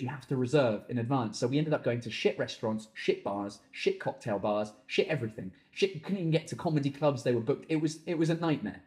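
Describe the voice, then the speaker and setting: Comedian guy ranting on his podcast, sweaty and hot, lots of swearing, echoey little room. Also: medium pitch. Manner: ranting, sweary, quick swings into shouting. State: overheated and sweating. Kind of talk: solo podcast, answering listener questions. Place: small hot room at the end of a garden.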